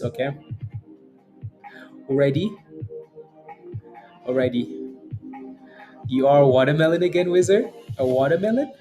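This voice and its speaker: Hosting a day trading livestream, this man speaks in a warm tone on the higher side. His market commentary is casual: he talks through charts, laughs a lot, and responds to chat using many fillers and frequent "right?".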